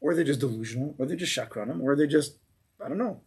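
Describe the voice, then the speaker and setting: A man teaching a relaxed Torah class, his voice a little high and husky. He talks animatedly, throwing in sudden loud impressions of angry people. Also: fast.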